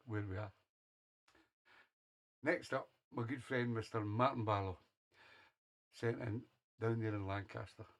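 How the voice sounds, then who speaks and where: A man hosting a radio show, chatting casually between songs in a jokey, teasing way and chuckling often. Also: on the low side. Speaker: radio DJ host.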